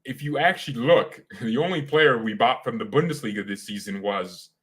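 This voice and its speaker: A man's voice: mid-range voice, normal speed. A man hosting a casual live match watchalong as a fan, talking in an opinionated, rambling and slangy way. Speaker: fan channel host.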